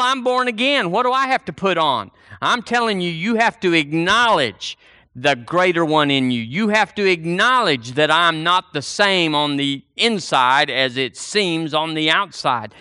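A male preacher delivers a fervent sermon and keeps circling back to the same phrases. His voice is bright and forceful. It sits a little high, and the sound is close and dry. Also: smooth, dry recording. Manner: fervent, repetitive preaching with call-and-response.

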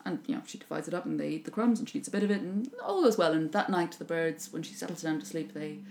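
A woman, casually retelling a folk tale on a chat podcast with a playful, lively manner. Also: low voice, creaky. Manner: lively, playful, puts on quick voices for characters.

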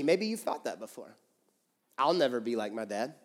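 A man's voice: on the high side, huge pitch swings, normal speed, big-room sound. A man in his thirties, a pastor preaching a conversational sermon and acting out quoted voices. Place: church sanctuary.

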